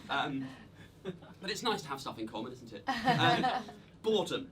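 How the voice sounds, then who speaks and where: A man's voice: a little high, sing-song, measured pace, a loud crowd. A man doing stand-up storytelling with a slight cold, self-deprecating and hesitant, projecting unmiked in a small live room. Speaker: stand-up comedian. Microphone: no microphone, projecting to the room. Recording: live room with laughing audience.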